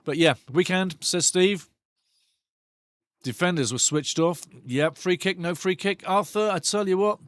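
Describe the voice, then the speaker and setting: A man hosting a live football watch-along, commentating excitedly on the match and chatting with viewers' comments. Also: high voice, measured pace, no room sound.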